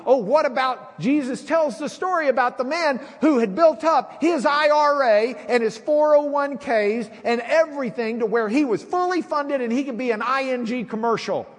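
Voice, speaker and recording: Middle-aged guy preaching, high voice, acts out all the lines, lotta hall echo. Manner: animated storyteller, acts out voices. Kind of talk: sermon with storytelling. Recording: hall reverb.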